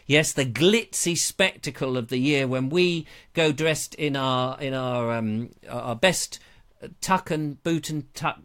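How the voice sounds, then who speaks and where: A middle-aged man from England chats casually as host of his live online show. His voice sits a little higher than most men's. He rambles, jokes and mocks himself as he reads the chat. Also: a bit bright. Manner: rambling, jokey, self-mocking, slips into silly voices.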